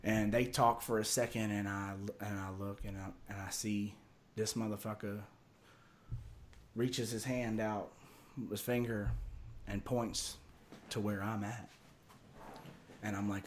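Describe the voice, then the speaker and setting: A man's voice: a little slow, pauses often, slight background noise. A man telling a wild story in casual talk, rambling and profane with lots of fillers and restarts. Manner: drops low and quiet for tense parts, gets loud and high for excited quotes. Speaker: storyteller guest.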